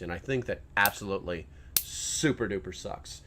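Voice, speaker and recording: A man's voice: low voice, moderate pace, pushed and bright, a little hiss or hum. A man hosting his own channel, talking casually in a rambling, sarcastic way with many restarts. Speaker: channel host. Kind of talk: casual vlog commentary.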